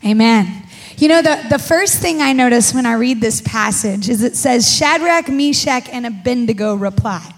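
Woman, kids pastor, somewhat high voice, playful sermon. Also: animated, moderate pace, few pauses, soft background music. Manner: playful, chatty. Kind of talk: sermon, Bible reading.

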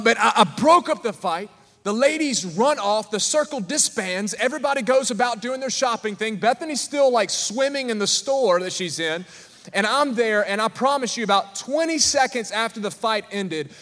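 A man's voice: high voice, moderate pace. A man preaching a sermon to a congregation, telling a story with humor and calling out to the listeners. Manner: animated, calls out to the congregation. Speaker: pastor. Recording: long reverb of a large hall.

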